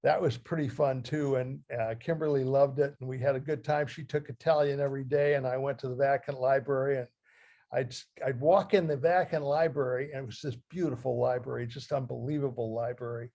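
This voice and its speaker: An older man from Ohio, a guest speaker who reads from his memoir in a halting, heartfelt way and often restarts his phrases. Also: mid-range voice, steady tone, vocal fry, mellow. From Ohio, USA. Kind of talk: talk reading from his memoir.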